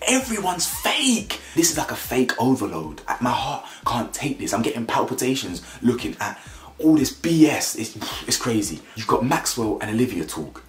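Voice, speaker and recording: A man ranting about a reality show, blunt and mocking, mimicking the people he talks about. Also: roomy sound. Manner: blunt, mocking, mimics cast members in high voices. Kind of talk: animated opinion rant.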